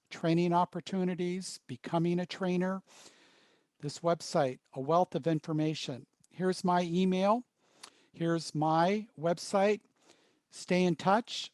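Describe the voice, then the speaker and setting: Trainer, male, high voice, dry close sound, phrased storytelling delivery. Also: darkish tone, no echo. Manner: storytelling, pausing in short phrases. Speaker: workshop trainer. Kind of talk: workshop presentation.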